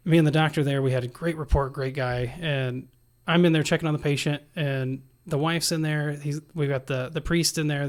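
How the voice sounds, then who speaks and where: A man, a nurse, telling a story as a guest in a podcast interview, acting out the dialogue as he goes. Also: mid-range voice.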